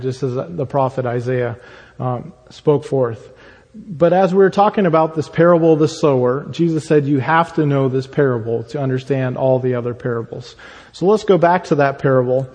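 A man's voice: mid-range voice, darkish tone. Man preaching in a reverberant hall. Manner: teaching, many fillers and restarts. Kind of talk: sermon.

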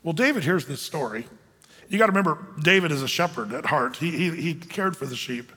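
Slightly high and slightly fast, with a breathy edge, a pastor's voice carries a loose, animated sermon in which he acts out quoted voices. A big hall's lingering reverb colors the sound.

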